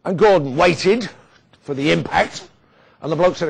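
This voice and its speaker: A man giving a storytelling speech with wry humour and dramatic pauses. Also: fairly high pitch, gravelly, slightly rough. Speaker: guest speaker.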